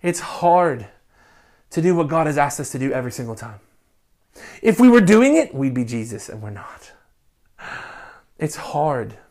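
A man, a pastor preaching a passionate sermon that swings from quiet reflection to loud appeals. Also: on the high side, very animated, measured pace, pauses often. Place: church recording during lockdown.

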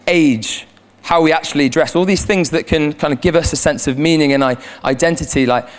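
Young guy youth leader preaching at church, earnest and chatty, lots of restarts, handheld mic. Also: a little high. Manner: earnest, conversational with frequent restarts. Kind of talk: sermon. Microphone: handheld microphone.

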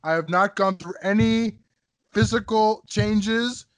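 A young man in casual chat, pausing often to search for his words. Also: sits high. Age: young adult.

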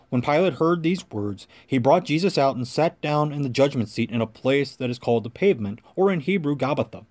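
A man doing a solemn scripture reading with a measured, reverent delivery. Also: mid-range voice, animated, a little mellow. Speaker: scripture reader.

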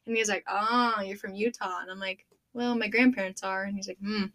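A woman's voice: medium pitch, fairly quick. Chatty young woman telling a story. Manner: animated, laughing, lots of "like". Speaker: podcast host. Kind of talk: casual storytelling chat.

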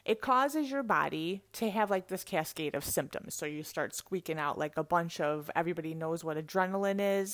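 A middle-aged woman coach giving a lively, conversational motivational talk and laughing often. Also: mid-range voice, no echo, studio quality.

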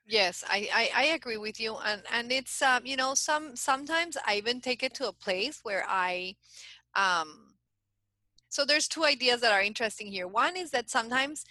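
Bright, animated middle-aged woman coach. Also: fairly high pitch, normal speed, no echo, poor audio. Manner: animated storyteller, many restarts. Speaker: guest coach. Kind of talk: casual podcast interview.

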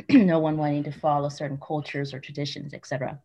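A woman calmly explaining her view in a casual interview, emphatic and a little lecturing. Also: low-pitched, a little fast, vocal fry. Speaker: interview guest. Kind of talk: casual conversation. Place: Utah.

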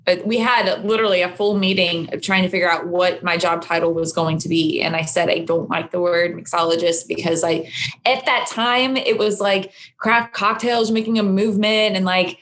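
A woman's voice: lowish voice, fairly even intonation, normal speed, a bit bright, slight background noise. A woman in her thirties, a guest in a casual chat, talking thoughtfully and laughing easily.

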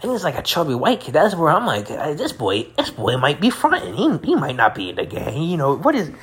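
A young man talking crudely in a rambling casual monologue, full of fillers and slang, tipsy and high. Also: huge pitch swings, fairly quick, fairly bright tone, husky.

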